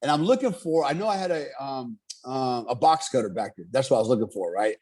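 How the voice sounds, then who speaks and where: A middle-aged man telling a story in casual, profane talk, animated and laughing often. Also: mid-range voice, fast.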